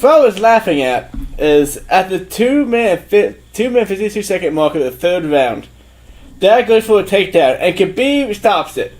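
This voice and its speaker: A man with a notably high voice recounts a fight round by round on a podcast. His delivery is eager and rapid-fire, like casual play-by-play. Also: big pitch swings, a little mellow. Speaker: podcast co-host.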